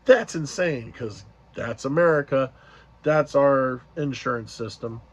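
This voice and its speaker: A man's voice: mid-range voice, a little slow, highs cut off. A man casually retelling an event as a vlogger, rambling along with many fillers and restarts. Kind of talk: casual storytelling recap.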